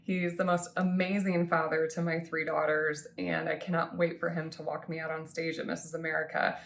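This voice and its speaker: A woman in her thirties speaks in a low, fry-edged voice, thanking the people close to her. She sounds tearful and heartfelt, pausing often with ums and restarting her sentences. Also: flat delivery, a little hiss or hum. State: tearful, crying at times. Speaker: vlogger thanking supporters. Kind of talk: emotional personal thank-you vlog.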